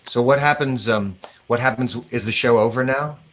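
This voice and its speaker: A man's voice: mid-range voice, normal speed, fairly bright tone, a little hiss or hum. A man guesting on a talk show, with dry, wry humor in easy conversation. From United States. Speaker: guest musician. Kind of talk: casual interview chat.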